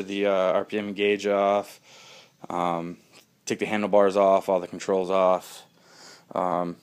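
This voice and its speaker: A man casually talking through his motorcycle project in a home garage, rambling with lots of ums and uhs. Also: lowish voice. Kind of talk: casual workshop vlog.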